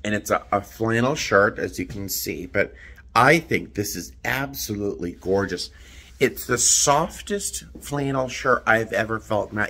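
A man's voice: fairly low pitch, bright, forceful tone, breathy edge. A man in a casual vlog, chatting to the camera in a rambling, self-deprecating way from a hotel room. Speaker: flight attendant vlogger.

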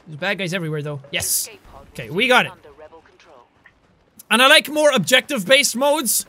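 Young male gamer, very high bright voice, excitable, swears a lot, yells at his foes. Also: moderate pace. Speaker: gaming channel host. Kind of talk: gameplay commentary.

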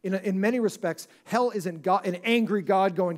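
A man's voice: high voice, normal speed. A man preaching a sermon as pastor, talking conversationally with many restarts and asking the congregation questions. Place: church service before a congregation.

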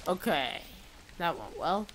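Brief: casual gamer commentator, goofy and unhurried, lively pitch, hums and talks to characters. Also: noisy background. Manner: goofy, hums tunelessly to themself. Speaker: let's play gamer.

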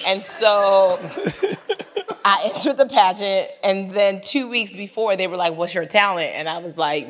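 A woman in her thirties from Nigeria, telling animated, laughing stories on a stage panel and acting out other people's voices. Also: mid-range voice, measured pace. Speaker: panel guest. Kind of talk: storytelling on a panel. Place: large hall with an audience. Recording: echoey hall.

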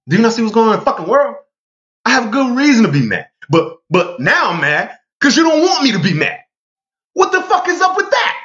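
A man's voice: sits high, fairly bright tone, dull audio. A man delivering a heated, profane monologue rant, emphatic and repeating himself to drive points home. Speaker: vlogger.

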